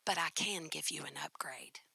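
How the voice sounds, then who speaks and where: A woman preacher voicing a blunt male car rental manager who speaks low and half-whispered. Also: animated, takes it slowly, very noisy, exaggerated voice. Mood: deadpan.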